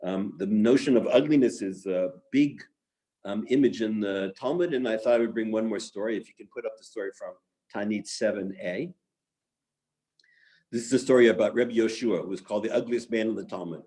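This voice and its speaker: A man's voice: lowish voice, fairly quick, dark tone. A man teaching a lesson on Talmud stories in a conversational way, with filler words and restarts.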